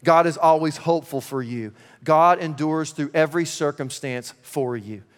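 Male pastor, sermon, energetic and conversational, slightly high voice; reverberant hall. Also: moderate pace. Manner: energetic, conversational, laughing asides. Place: church. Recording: long reverb of a large hall.

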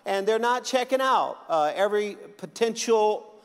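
High-voiced joking preacher. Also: male voice, animated, moderate pace, fairly bright tone, smooth, in a large hall. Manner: joking, conversational, frequent restarts. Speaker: pastor. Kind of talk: sermon.

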